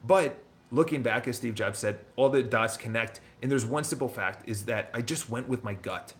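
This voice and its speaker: A man's voice: medium pitch, moderate pace. A man in his thirties hosting a real estate channel, talking in a rambling, motivational monologue full of restarts and repeated words.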